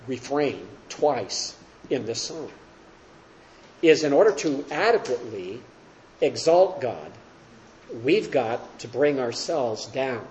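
A man's voice: medium pitch, a little mellow, lo-fi sound, slight background noise. A man teaching a Bible study class, explaining verses and asking his listeners questions as he lectures. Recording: roomy echo.

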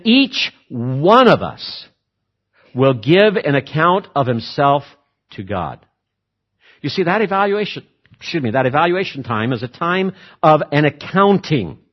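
A man preaching a sermon, emphatic, repeating words for stress and switching between slow, weighty phrases and quick runs. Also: fairly high pitch, breathy edge, muffled recording. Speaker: pastor.

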